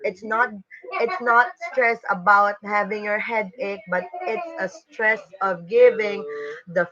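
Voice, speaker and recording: A woman's voice: medium pitch, steady tone, slow pace, crowd noise. A woman teacher, giving an online webinar lecture in an explanatory way with frequent fillers and restarts. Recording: dull lo-fi webinar audio.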